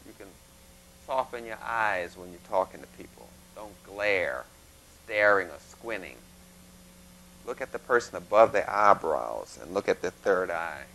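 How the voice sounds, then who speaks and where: A man giving a plain, instructive lecture, with folksy images and a halting delivery. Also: fairly low pitch, fairly bright tone, poor audio. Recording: faint mains hum.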